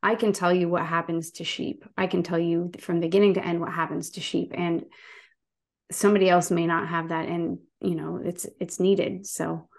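A woman's voice: lowish voice, flat delivery, normal speed, vocal fry. A woman, a guest activist, talking passionately in a casual interview and telling stories with frequent restarts.

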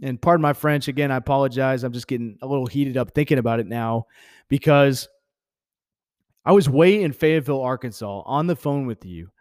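Young male podcast host from Texas, casual storytelling, blunt and profane, mid-pitched, dry close sound. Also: fairly quick, darkish tone, no room sound. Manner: candid, profane, heated with laughs.

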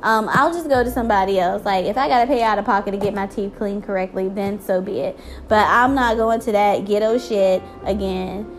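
A woman's voice: medium pitch, fairly quick, slight background noise. A woman ranting in a casual vlog, exasperated and full of swearing.

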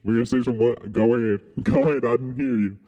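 A podcast co-host from Southern Indiana, a man doing a put-on accent, teasing and bantering crudely and shouting across the room now and then. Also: mid-range voice, fairly even intonation, fast. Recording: dull lo-fi sound with long reverb.

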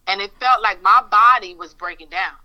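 A woman's voice: medium pitch, moderate pace, lo-fi sound. A woman giving a fervent, emotional personal testimony in a faith podcast interview, telling her story vividly. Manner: fervent, storytelling, acts out her prayers with God. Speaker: minister sharing a testimony.

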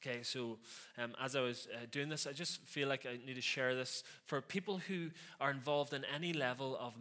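A man's voice: medium pitch, sharp tone. A man preaching a conversational sermon, with sarcastic asides and frequent questions to the listeners.

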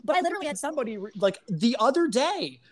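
A woman's voice: high voice, sing-song, quick pace, a little hiss or hum. Candid, rambling woman guest. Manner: candid, rambling, many fillers. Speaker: podcast guest. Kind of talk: casual podcast chat.

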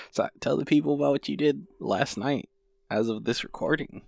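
A man's voice: medium pitch, moderate pace, vocal fry, a little mellow, no room sound. A young man co-hosting a podcast, telling loose, rambling stories and laughing through them. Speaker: podcast co-host. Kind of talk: casual chat.

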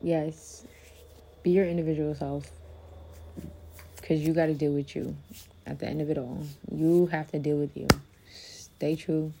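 A woman's voice: low-pitched, level tone, a little slow, creaky, long pauses, warm tone, slight background noise. A young adult woman hosting a podcast, talking candidly and profanely to her listeners, calling them her loves. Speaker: podcast host. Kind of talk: casual motivational monologue.

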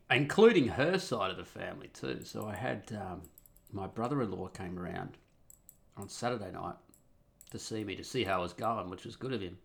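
Man with a bright, sharp voice. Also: low voice, creaky. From Australia. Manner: rambling, profane, wry. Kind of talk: casual personal monologue.

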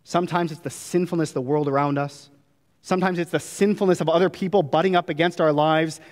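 A man's voice: a little high, fairly even intonation, fast talker, long reverb tail. A man preaching a sermon earnestly, acting out prayers with rising drama. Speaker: pastor.

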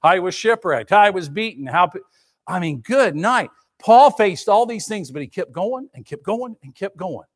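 High-voiced emphatic preacher man. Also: animated, normal speed. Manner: emphatic, repetitive preaching with rhetorical questions. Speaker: pastor. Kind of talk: sermon.

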